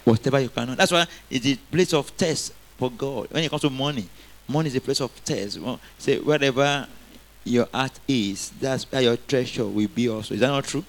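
A male preacher delivers an energetic sermon. He quotes scripture and has the congregation repeat his lines back to him. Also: medium pitch, moderate pace.

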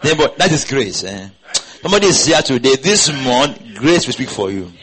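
A man's voice: medium pitch, sing-song, normal speed, a crowd in the background, low-quality recording. A man preaching a sermon to a congregation, firing rhetorical questions and having them repeat his words back. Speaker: pastor. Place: church congregation.

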